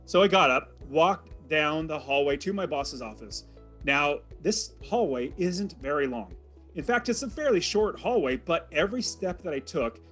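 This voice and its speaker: A man's voice: on the high side, fairly bright tone. A man telling a personal story as an interview guest, in a vivid and dramatic way. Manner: vivid, dramatic retelling with acted quotes.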